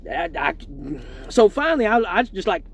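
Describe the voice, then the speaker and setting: A man with a notably high voice tells a raunchy story on his live stream. He swears constantly, laughs at his own tale and talks casually and animatedly. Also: sing-song, normal speed.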